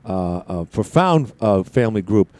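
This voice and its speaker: A man's voice: on the low side, expressive, normal speed, darkish tone. A man hosting a call-in talk radio show, rambling casually with frequent restarts. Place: radio studio.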